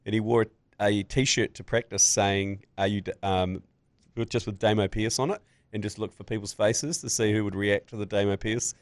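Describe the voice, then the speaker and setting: A man's voice: fairly low pitch, steady tone, normal speed, no room sound. A man telling a rowdy story as a podcast co-host, laughing and swearing as he goes. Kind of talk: casual chat, storytelling.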